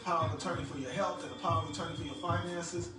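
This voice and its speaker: A man's voice: fairly high pitch, fairly even intonation, racing. A man in his fifties talking loosely to the camera in a home room, telling stories with lots of asides to the listener. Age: 50s. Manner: loose, chatty storytelling with frequent asides to the listener. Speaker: vlogger. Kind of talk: casual vlog monologue. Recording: roomy, far from the mic, music behind.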